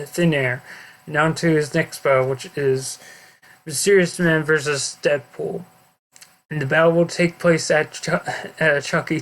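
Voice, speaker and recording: A man narrating his own story over gameplay, halting and stumbling over words. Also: a little high, a bit bright.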